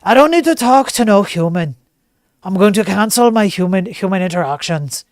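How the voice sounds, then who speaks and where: A man's voice: sits high, lively intonation, moderate pace, dry recording, clean studio sound. A man putting on the voice of an overexcited, deluded man who talks in a brash, cocky way. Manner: boastful, brash.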